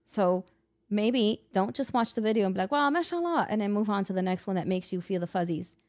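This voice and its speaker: A woman's voice: mid-range voice, steady tone, brisk, warm tone. A woman co-hosting a podcast in casual chat, earnest in her views and teasing her partner, with frequent laughter. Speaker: podcast co-host.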